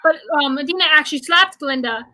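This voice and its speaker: A young woman chatting casually on a livestream, recounting theater scenes quickly and excitedly, with lots of fillers. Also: sits high, rough recording. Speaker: guest, theater fan.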